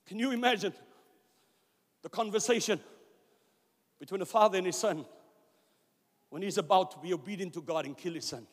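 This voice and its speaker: A man's voice: high voice, moderate pace, pauses often. A man in his fifties preaching a sermon in a church with impassioned delivery, voicing God's words in quotes. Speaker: pastor. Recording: long reverb of a church hall.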